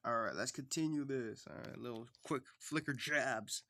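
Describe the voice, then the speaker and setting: A man's voice: medium pitch, moderate pace, pushed and bright. Rambling male streamer. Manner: rambling, chatty self-talk. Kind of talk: casual livestream chat.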